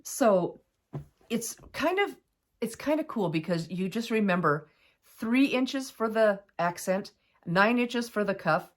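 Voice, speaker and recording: A woman's voice: medium pitch, lively intonation, slow pace. A middle-aged woman hosting a casual quilting tutorial, chatty and upbeat as she explains each step.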